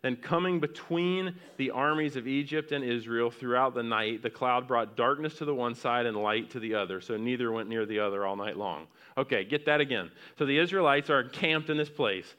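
Bright, clear-voiced preaching man. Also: medium pitch, brisk, hardly any pauses. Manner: swings from loud rising exhortation to hushed near-whispers; asks the congregation questions and reads scripture aloud. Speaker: pastor. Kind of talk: sermon.

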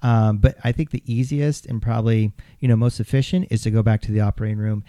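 Male podcast host, surgeon, warm dark tone, dry close sound, easygoing and jokey. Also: fairly low pitch, quick pace, clear, resonant tone, dry recording. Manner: relaxed explaining, filler-heavy, jokey. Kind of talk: casual podcast chat.

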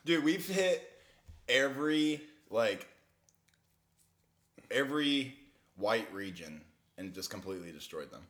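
A man's voice: mid-range voice, takes it slowly, long pauses. A man co-hosting a casual chat, crude and joking, telling stories with lots of put-on voices. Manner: crude, joking, animated storytelling.

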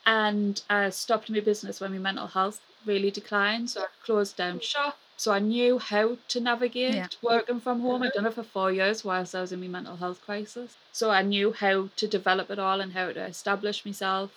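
A woman's voice: mid-range voice, fairly even intonation, moderate pace, hardly any pauses, fairly bright tone, rough recording. A woman with a Mackem accent from North East England, a guest chatting frankly in a casual interview, swearing freely and laughing often. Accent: Mackem (Sunderland).

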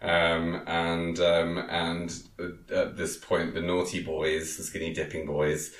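Guy rambling thru a movie recap, lots of ums, low voice, echoey room. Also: monotone, slow. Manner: rambling, many ums, laughs often, quotes characters in silly voices. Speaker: podcast co-host recapping a film. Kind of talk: casual chat.

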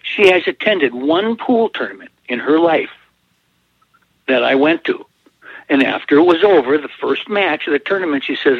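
A man with a husky, slightly raised voice trades corny jokes in a relaxed chat show. He often chuckles at his own punchlines. The sound is dull and lo-fi, with a dry, close feel. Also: mid-range voice, normal speed, no room sound. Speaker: podcast co-host telling jokes. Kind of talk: casual chat.

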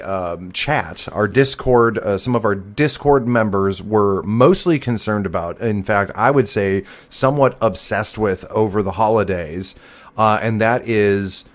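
Laughing, jokey Midwestern podcast host. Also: male voice, on the low side, animated, a little slow. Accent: Midwestern American. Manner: laughs often, jokey and sarcastic. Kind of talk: casual chat.

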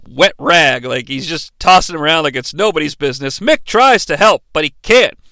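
A man's voice: high voice, bright, forceful tone, no room sound. A man hosting a podcast, giving a sarcastic, jokey recap of a wrestling match. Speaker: podcast host.

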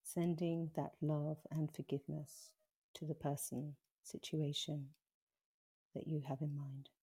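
A woman guiding a slow, soothing meditation, later speaking as a guest in an interview. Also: sits low, little pitch movement, mellow, husky. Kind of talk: guided meditation then interview.

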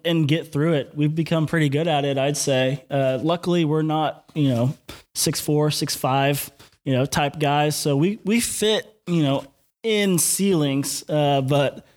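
A young man guesting on a podcast, talking in a relaxed, rambling way with frequent laughs. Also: fairly high pitch. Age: young adult. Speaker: guest, university mascot performer. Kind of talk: casual podcast interview.

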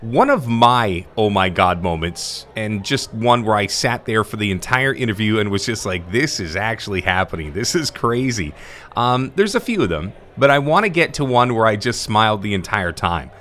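A man's voice: lowish voice, lively intonation, normal speed, a bit bright. A man hosting a podcast, looking back on favourite interviews in an enthusiastic, conversational way. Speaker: podcast host. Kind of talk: reflective show narration.

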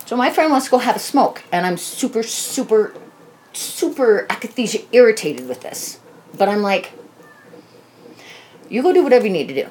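A woman's voice: on the high side, very animated, normal speed, long pauses, darkish tone, a little hiss or hum. Woman telling a profane rambling anecdote. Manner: profane, rambling, acts out quoted dialogue. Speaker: storyteller. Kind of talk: casual personal anecdote.

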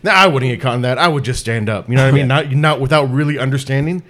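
A man's voice: mid-range voice, quick pace, a bit bright. Rambling, profane man in casual chat.

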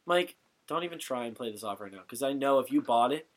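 A young man co-hosting a casual podcast, telling stories in an animated way, swearing casually and often laughing. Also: medium pitch, fast, a little hiss or hum. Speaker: podcast co-host. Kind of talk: casual chat.

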